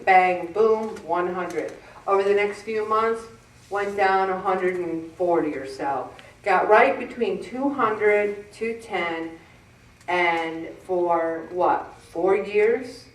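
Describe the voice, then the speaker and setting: A woman shares a personal story with a group, chatty and animated, often acting out the people she talks about. Her voice sits at a middle pitch. She sounds set back from the mic in a roomy, echoing space. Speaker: weight-loss group leader. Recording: echoey room, mic at a distance.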